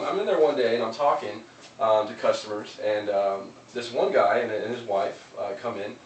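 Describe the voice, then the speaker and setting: An earnest man delivers a casual motivational monologue, stumbling over repeated words as he goes. The mic sits some distance off in a roomy space. A faint noise hums behind him. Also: fairly low pitch. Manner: earnest, loose, with many repeated restarts. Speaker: vlogger giving motivational talk.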